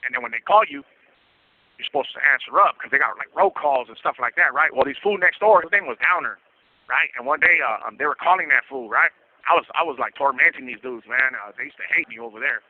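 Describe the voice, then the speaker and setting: A man's voice: medium pitch, expressive, quick pace, no echo. A man, telling prison stories in casual streetwise slang over the phone and acting out the voices of the people in them. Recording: tinny phone line.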